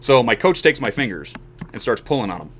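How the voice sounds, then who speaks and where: On his podcast, a host in his forties casually recounts a long personal story, animatedly voicing the people involved. His medium-pitched voice is brisk and slightly rough, with soft music playing in the background.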